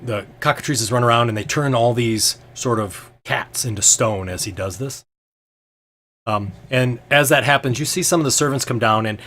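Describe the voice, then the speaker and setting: Low-voiced man running a tabletop game. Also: fairly bright tone, slight background noise. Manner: hesitant, many ums and restarts. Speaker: game master.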